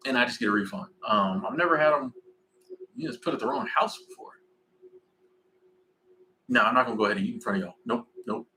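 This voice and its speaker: A man in his forties hosts a loose, chatty livestream, rambling from one thought to the next with animated bursts. His voice sits at an ordinary pitch but sounds bright and forward. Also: quick pace, gravelly, long pauses, a little hiss or hum, rough recording. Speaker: livestream host. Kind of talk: casual livestream chat.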